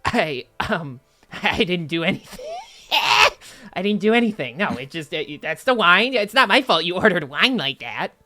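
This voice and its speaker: A man's voice: sits high, sing-song, moderate pace, bright, forceful tone, heavily acted. A man voicing a sheepish, shifty prankster in a tabletop game, stammering out defensive excuses.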